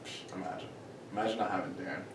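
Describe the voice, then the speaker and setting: A man's voice: deep voice, fast talker. Young guy cohosting a chill podcast, jokey, laughs a lot, kinda far from the mic in an echoey room. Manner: laughing, loose, jokey banter. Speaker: podcast co-host. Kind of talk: casual chat among friends. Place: room in a shared house. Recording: echoey room, mic at a distance, faint hiss.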